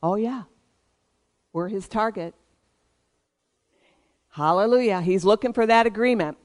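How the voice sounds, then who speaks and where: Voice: medium pitch, measured pace. A pastor preaching a sermon, emphatic and leading the congregation in call-and-response.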